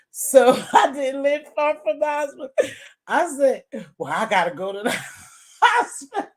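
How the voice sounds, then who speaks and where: A middle-aged woman hosting a live chat, telling a story in a casual, animated way, laughing and swinging from loud to soft. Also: mid-range voice. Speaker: livestream host.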